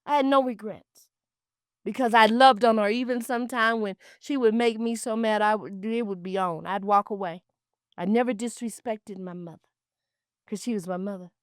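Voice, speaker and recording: A woman hosting a talk show, telling heartfelt stories in an emphatic, preachy way with repeated phrases, dropping at times to hushed, near-whispered asides. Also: mid-range voice, steady tone, moderate pace, no room sound, studio quality. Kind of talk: heartfelt storytelling monologue.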